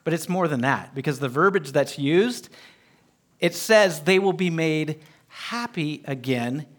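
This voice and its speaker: A man's voice: fairly high pitch, expressive, a little slow. A man teaching a Bible lesson to a group, emphatic, often putting questions to his listeners.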